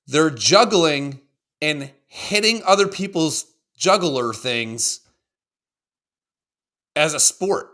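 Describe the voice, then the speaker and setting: A man talks loosely as a podcast co-host, his voice bright and edged, swinging widely up and down in pitch. He swears freely and rambles from thought to thought with excitable energy. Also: slow pace, pauses often. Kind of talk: casual chat reacting to videos.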